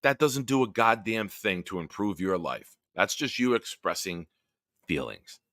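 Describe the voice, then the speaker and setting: A man hosting a sports live stream, his low voice swinging from heated, profane rants to easy chat with viewers. His tone is bright and forceful, his pitch jumps around a lot, and the room sounds dry and close. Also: lively intonation, measured pace, no room sound. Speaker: host.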